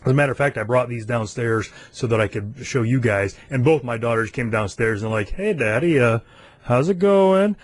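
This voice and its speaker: A man in his forties from the United States hosts his podcast alone, chatting casually and amusing himself. His voice sits in an ordinary middle range, and he loosens up with frequent fillers and quick chuckles. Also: mid-range voice, steady tone, dry recording. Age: 40s. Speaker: podcast host. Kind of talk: casual solo podcast chat.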